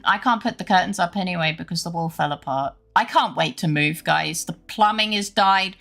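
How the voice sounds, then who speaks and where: A woman's voice: on the low side, normal speed, creaky, fairly bright tone, faint music behind. A woman streamer chatting casually with her viewers, rambling and laughing often.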